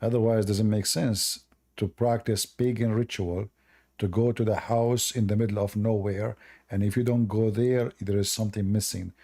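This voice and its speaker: Hoarse, sarcastic man with a mellow voice. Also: fairly low pitch, fairly even intonation, normal speed. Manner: sarcastic, argumentative, emphatic. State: hoarse, losing his voice. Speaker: host. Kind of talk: debate call-in discussion.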